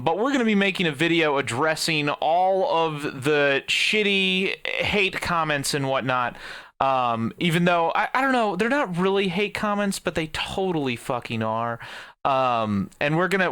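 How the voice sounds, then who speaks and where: A man's voice: on the high side, bright, forceful tone, clear, resonant tone, dry recording, studio quality. A young man hosting his own channel, ranting heatedly and swearing freely at commenters he has banned. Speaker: YouTuber ranting at viewers. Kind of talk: profane casual rant.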